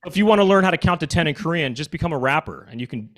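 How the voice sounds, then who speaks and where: A stand-up comedian with a voice on the high side races through improvised material at a live-streamed comedy show, where the audience joins by video call. He's goofy, riffing with deadpan absurdity and chatting with the crowd, heard through a video call mic over soft background music.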